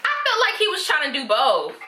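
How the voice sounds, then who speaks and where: A woman's voice: high-pitched, wildly swooping pitch, brisk, sharp tone, reverberant. A woman giving casual, opinionated reaction commentary to viewers, chatty and slangy, calling her audience "girl". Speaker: reaction vlogger.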